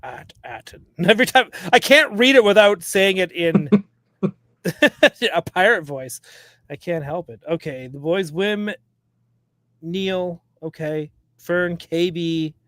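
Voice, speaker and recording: High-voiced laughing podcast host. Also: male voice, a bit bright, no room sound. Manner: laughs often, reads entries aloud haltingly. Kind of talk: casual chat while browsing a wiki.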